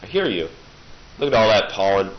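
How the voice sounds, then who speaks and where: Fighting through a game while sick with a cold, this let's-play gamer mocks his enemies in sarcastic, laid-back commentary. His fairly low, quick voice swings widely in pitch, over a dull, faintly hissing lo-fi recording.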